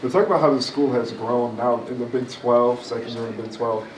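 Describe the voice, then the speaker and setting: A man's voice: medium pitch, steady tone, fairly quick. A male reporter asking a long, winding question at a press session. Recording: distant and roomy with faint noise.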